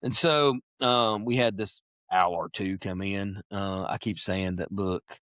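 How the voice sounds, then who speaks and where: A man telling a hunting story as a podcast guest, animated and lively, acting out voices and clearing his throat often. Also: sits low, measured pace, dry recording, clean studio sound. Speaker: podcast guest, wildlife biologist. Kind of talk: casual storytelling.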